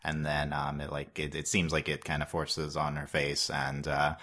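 A man's voice: rumbling low, monotone, moderate pace, bright, forceful tone. A man hosting a casual podcast chat, rambling with lots of fillers and small chuckles. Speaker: podcast host.

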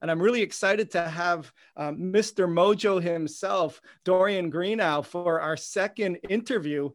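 A man's voice: high voice, a little slow. A man hosting a podcast, introducing and questioning his guest with frequent fillers. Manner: friendly, hesitant with fillers. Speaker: podcast host. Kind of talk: interview hosting.

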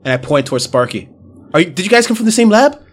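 A man playing in a tabletop game, excitable and laughing, throwing out quick guesses. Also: high voice, slightly rough. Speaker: player. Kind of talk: casual role-play chat.

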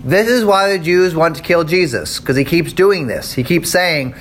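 A man's voice: fairly high pitch, expressive, normal speed, hardly any pauses, a bit bright, a little hiss or hum. A man teaching a Bible class in a casual lecture style, conversational and often checking in with his listeners. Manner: conversational, checks in with "okay?" and "right?".

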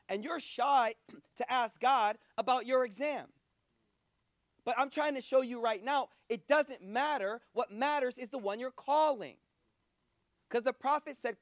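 A man's voice: extremely high pitch, normal speed, a bit bright, no echo, clean studio sound. A man preaching in a casual, conversational way, acting out quoted voices. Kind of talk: sermon.

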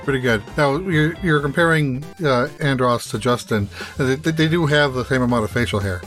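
Laid-back co-host, mid pitch, light music bed. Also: male voice, normal speed, a bit bright. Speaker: podcast co-host. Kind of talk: casual podcast chat.

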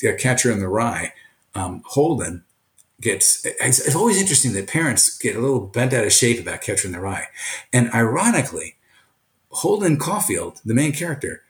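An older retired teacher from Brooklyn, answering interview questions in an earnest, emphatic way. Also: male voice, mid-range voice. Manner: earnest, emphatic, animated storytelling. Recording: echoey room.

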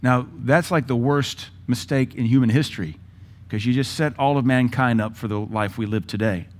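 A man's voice: mid-range voice, moderate pace, a little mellow. A middle-aged man preaching a sermon, emphatic, listing words in punchy bursts. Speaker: pastor.

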